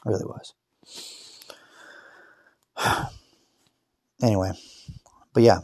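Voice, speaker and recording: Low-pitched man, confessional podcast storyteller, halting speech that breaks into swearing bursts. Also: fairly even intonation, darkish tone, no room sound. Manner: swearing, halting restarts, rising to angry outbursts. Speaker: podcaster telling a personal story. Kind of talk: emotional personal storytelling. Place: lying in bed.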